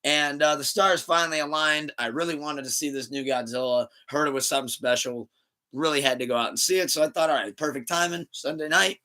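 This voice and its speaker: A man hosting a podcast, telling a story in a casual, animated way, laughing and switching between loud bursts and muttered asides. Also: fairly high pitch, a little fast. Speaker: podcast host.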